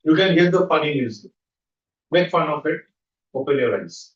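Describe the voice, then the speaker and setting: A man leading a guided visualization exercise as a trainer, coaching with quick repeated questions. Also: fairly high pitch, lively intonation. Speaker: NLP trainer. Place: training room. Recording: dull echoey room audio from far off.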